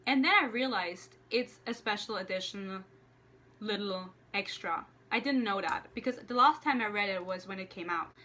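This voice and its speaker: A woman's voice: on the high side, pushed and bright. A young woman ranting heatedly about a book at home, swearing often and sounding fed up. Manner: heated, profane, exasperated ranting. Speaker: book reviewer. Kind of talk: casual ranting book review. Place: home room with a PC.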